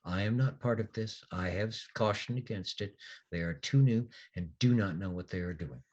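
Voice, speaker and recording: Man doing a reluctant Sluagh spirit, low, slow and grudging, dull lo-fi mic. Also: a little mellow, close to an everyday voice. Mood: refusing.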